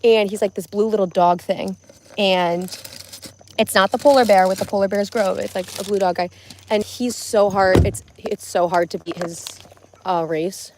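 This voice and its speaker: A woman's voice: mid-range voice, fairly even intonation, normal speed, a little mellow, a little hiss or hum. A young woman hosting a casual livestream, rambling and giggly, full of filler words as she talks to her viewers at home. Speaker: livestream host.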